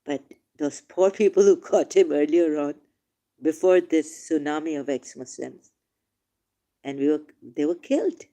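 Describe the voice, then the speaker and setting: Slow, low-voiced woman streaming her commentary. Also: lively intonation. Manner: emotional, swings from quiet to emphatic. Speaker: online talk host. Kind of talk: casual livestream talk reading and commenting on scripture.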